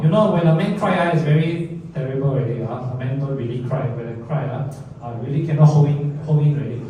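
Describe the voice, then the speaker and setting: A man's voice: medium pitch, lo-fi sound. Candid Malaysian English speaker, a man, telling his story from a stage, heard far off in a roomy hall with faint noise. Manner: animated, chatty, candid. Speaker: speaker at a public talk. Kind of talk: personal storytelling talk. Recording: echoey hall, distant mic, faint noise.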